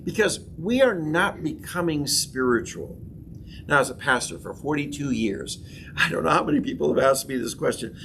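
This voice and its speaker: A man's voice: a little high, animated, moderate pace, gravelly, fairly bright tone, slight background noise. Man preaching with rising emphatic proclamations. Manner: rising emphatic proclamations, leads call-and-response affirmations. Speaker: pastor. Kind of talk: sermon class teaching. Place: church classroom.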